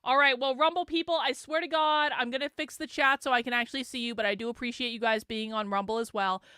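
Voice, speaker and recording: A woman's voice: on the high side, fairly even intonation, quick pace, bright, forceful tone, clean tone, no room sound, studio quality. A woman hosting a livestream, chatting casually and joking with her viewers. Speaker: livestream host.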